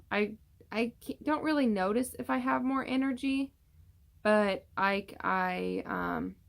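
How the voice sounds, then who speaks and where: Tired, rambling young woman with heavy vocal fry. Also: medium pitch, fairly bright tone. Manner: chatty and rambling, many fillers. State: tired, yawning often. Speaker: vlogger. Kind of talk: casual pregnancy update vlog.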